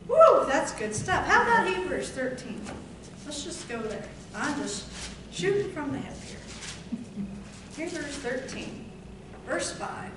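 A woman preacher with a high voice leans into scripture with fervent, drawn-out emphasis. She is recorded from a distance in a strongly echoing church hall. Noise sits clearly under her voice. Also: sing-song. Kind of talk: sermon. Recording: echoey room from far off, noisy.

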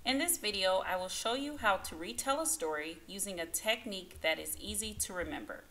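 Woman teacher, scripted lesson narration, calm and instructive, mid-pitched voice, speaks to children. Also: brisk, slight background noise. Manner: calm, clear, instructive, speaks directly to students. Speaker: teacher hosting an educational channel.

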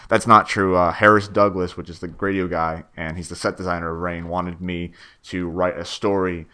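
A man's voice: deep voice, level tone, normal speed, bright, forceful tone, clear, resonant tone. A young man giving a rambling, stammering director's commentary on his own machinima, full of fillers and swearing.

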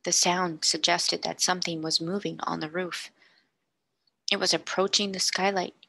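Lady reading a storybook aloud, low gravelly voice, dry close sound. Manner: measured, expressive narration. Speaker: storybook reader. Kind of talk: reading a classic novel aloud.

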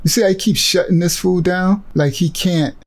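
A man who leads a ministry reacts to a video clip he's just watched, preaching impassioned religious commentary while agitated and emotional. His voice sits high with fairly even intonation, and he speaks at a normal speed.

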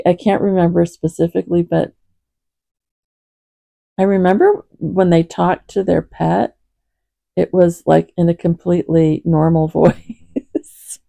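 A woman hosting a Bible reading for her cats, praying and chatting in a gentle, soft-spoken, rambling way at home. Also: fairly low pitch, creaky, no room sound. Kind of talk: prayer and casual chat to camera.

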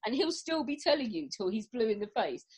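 A woman's voice: fairly high pitch, big pitch swings, fairly quick, darkish tone, husky, poor audio. A woman on a casual podcast, ranting with lots of swearing and laughter about working in pub kitchens. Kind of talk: casual chat.

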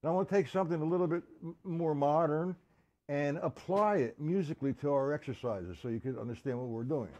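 A man giving a live-streamed drum lesson. He counts beats out loud and chats casually with viewers between exercises. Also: on the high side, brisk. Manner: counts out loud over drumming, chatty asides to viewers. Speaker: drum teacher. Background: drum kit playing.

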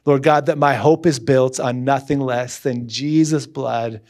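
A man's voice: medium pitch, steady tone, measured pace, a little mellow. A man as a guest pastor, preaching earnestly with repeated emphatic phrases, then leading a closing prayer.

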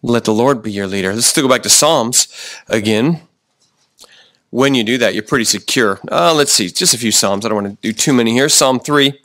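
A pastor preaching a sermon, often slowing down for emphasis and restarting his sentences. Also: medium pitch, fairly bright tone, dry recording. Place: church.

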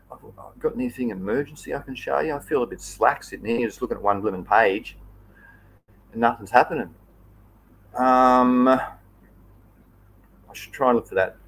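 A man's voice: medium pitch, slight background noise, low-quality recording. Easygoing Australian man chatting live. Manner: chatty, easygoing, loose and rambling. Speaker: livestream host. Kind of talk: casual live chat.

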